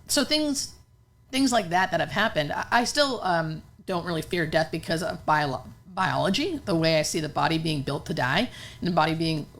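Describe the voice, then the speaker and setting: A woman's voice: low voice, gravelly, a bit bright, a little hiss or hum. A woman hospice nurse earnestly telling a personal story in conversation, emotional and full of fillers.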